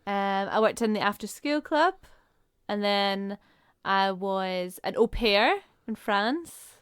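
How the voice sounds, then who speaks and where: A woman's voice: medium pitch, expressive, slow, smooth, no echo, clean studio sound. A woman co-hosting a podcast, chatting casually and rattling off a list. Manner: chatty, listing things briefly. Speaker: podcast co-host. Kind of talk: casual chat.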